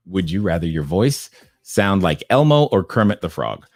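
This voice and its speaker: Reading viewer questions out loud at a measured pace, a middle-aged man riffs on them with relaxed chuckles during a casual livestream. His voice is low-pitched, with no room sound.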